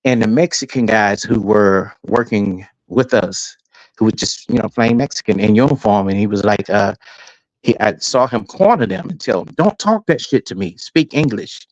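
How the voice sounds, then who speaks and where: A man's voice: lowish voice, normal speed, a little mellow, no room sound, highs cut off. A man guest on a podcast, telling a story casually and laughing easily, heard over a remote call.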